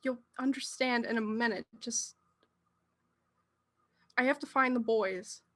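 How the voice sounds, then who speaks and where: A tearful, mysterious young girl pleads for haste in a tabletop role-play, voiced by a woman. Her voice sits fairly high. She speaks in slow, drawn-out phrases. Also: a bit bright. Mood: urgent. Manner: urgent, pleading.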